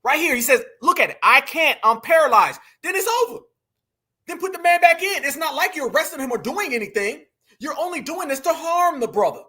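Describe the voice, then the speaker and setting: Over video clips, a commentary host with a very high, sharp voice talks fairly quickly with lively intonation. He leans on slang and emphasis and keeps addressing his viewers as family.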